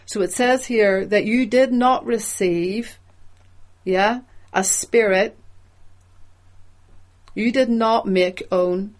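A woman preaching a sermon in a measured, emphatic way, explaining the meaning of words as she goes. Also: medium pitch.

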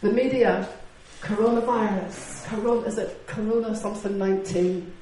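A woman's voice: mid-range voice, normal speed. Irish woman preaching in an echoey hall. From Northern Ireland or Ireland, living in Britain. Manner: animated preaching, rhetorical questions, acted-out quotes. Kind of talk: sermon. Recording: echoey hall, distant mic, faint noise.

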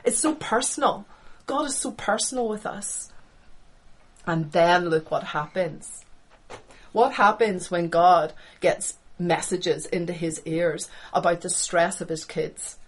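A woman's voice: lowish voice, slow pace, slightly rough. Impassioned woman preaching a sermon. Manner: impassioned, repeats phrases for emphasis, swings between hushed and loud.

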